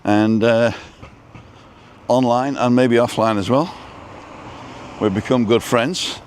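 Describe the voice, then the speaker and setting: A man's voice: medium pitch, fairly even intonation, takes it slowly, a little mellow, slight background noise. A man chatting casually while driving and filming, reading out viewer comments with a dry, joking manner. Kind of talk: casual live-stream chat while driving. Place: inside a car.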